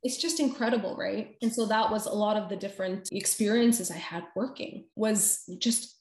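A woman in her forties, a podcast guest telling personal stories in a casual, animated way with lots of "like". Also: mid-range voice, moderate pace, echoey room. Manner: animated, acts out quoted speech, frequent "like". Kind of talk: casual interview storytelling.

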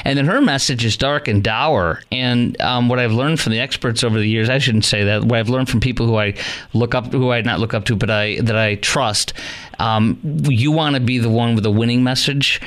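A man's voice: medium pitch, a little fast, a bit bright. A man hosting a call-in talk radio show, friendly with callers and calling them brother.

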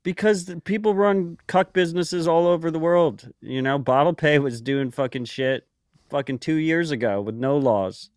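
A man's voice: a little high, moderate pace, a little mellow, dry recording, studio quality. Profane rambling podcast man. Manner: profane, rambling, filler-heavy. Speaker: podcast co-host. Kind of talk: casual chat.

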